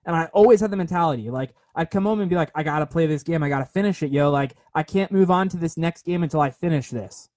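A man's voice: on the high side, quick pace, hardly any pauses, darkish tone, no echo. A young man talking casually and rambling, who keeps repeating himself and checking in with "right?". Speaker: speaker sharing a motivational story. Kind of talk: casual monologue.

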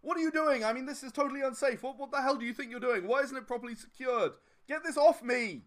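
A man voicing a clumsy, indignant male alien who yells outraged complaints in a high, strained voice. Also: lively intonation, slow pace, exaggerated voice.

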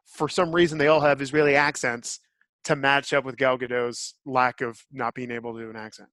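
A man's voice: medium pitch, flat delivery, brisk, fairly bright tone, no room sound, studio quality. A man hosting a podcast, giving blunt, opinionated reviews in casual chat. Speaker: podcast host.

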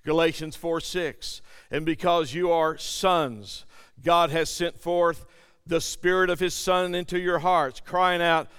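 A man's voice: fairly high pitch, steady tone, measured pace, a bit bright, clear, resonant tone, big-room sound. A male pastor preaching a sermon, emphatic and calling out to his congregation.

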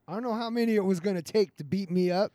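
Fast-talking higher-voiced man joking. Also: warm tone, dry recording, studio quality. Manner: quick joking interjections. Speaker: podcast co-host. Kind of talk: casual chat.

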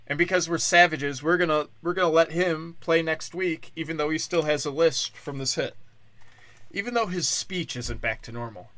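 A drunk man hosting a solo comedy podcast, rambling crudely and swinging between loud outbursts and low mutters. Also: normal speed, no room sound. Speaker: podcast host.

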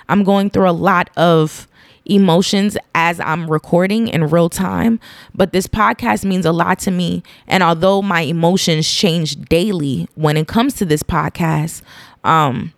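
A woman's voice: lowish voice, steady tone, unhurried, no echo, clean studio sound. A woman in her thirties hosting her own podcast from home, rambling earnestly and getting emotional to the point of tears. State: tearful. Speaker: podcast host. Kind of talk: casual solo podcast monologue.

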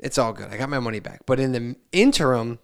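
A man's voice: medium pitch, fast, vocal fry. A man in his forties, a podcast co-host, telling a long, meandering family story with asides and restarts. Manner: animated, meandering anecdotes with many restarts and asides; loudly acts out family members' lines in shifting voices. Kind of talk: casual chat, rambling storytelling.

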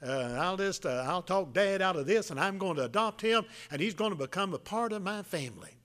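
A man's voice: high-pitched, lively intonation, brisk, fairly bright tone. A man voicing a young Egyptian princess in a folksy retelling, speaking in his own plain voice. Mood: eager.

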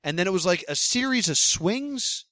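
A man's voice: high voice, animated, normal speed, sharp tone, dry recording, studio quality. Laughing young man telling a story. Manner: self-deprecating, laughs often, acts out quoted lines. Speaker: podcast host. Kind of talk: casual storytelling chat.

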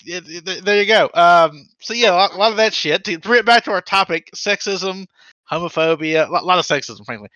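A man's voice: high-pitched, brisk, pushed and bright, no echo, highs cut off. A man hosting a podcast in casual chat, rambling loosely with fillers and casual swearing. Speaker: podcast host.

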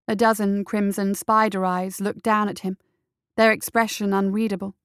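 A woman narrating a fantasy story in a measured, deliberate reading. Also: medium pitch, little pitch movement, clean tone, dry recording, clean studio sound. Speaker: story reader.

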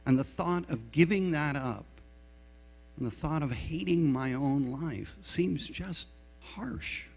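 A man's voice: a little high, slow, creaky, husky, soft background music. A middle-aged man preaching a sermon as a pastor, telling a story in a frank, self-deprecating way. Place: church sanctuary. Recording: reverberant hall with mains hum.

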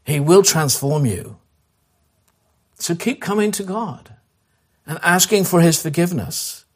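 A man preaching, his voice a little high and husky. He presses his listeners with earnest, repeated phrases and short commands, then turns quiet and slow as he leads into prayer. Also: expressive. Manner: drops to a soft, slow voice to lead prayer. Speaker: pastor. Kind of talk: sermon.

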